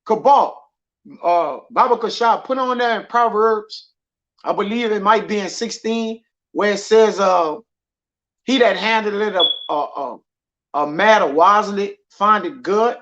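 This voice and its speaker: A man's voice: sits high, unhurried, a bit bright. A man teaching scripture in a loose, conversational way, often tagging his lines with "man" and "all right". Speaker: preacher. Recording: dull lo-fi audio.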